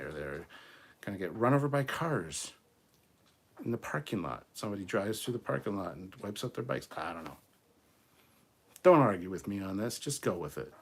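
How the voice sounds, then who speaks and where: A low-voiced man with a husky, slightly rough tone hosts a casual livestream chat. He answers viewer comments bluntly and argumentatively, swearing freely along the way. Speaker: podcast host reading viewer comments.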